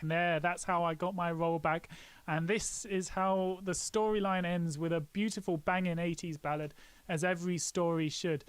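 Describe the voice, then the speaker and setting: A man's voice: fairly high pitch, little pitch movement, normal speed, clear, resonant tone, no echo. A man hosting a casual live stream walkthrough, joking and poking fun at himself. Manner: joking, self-mocking.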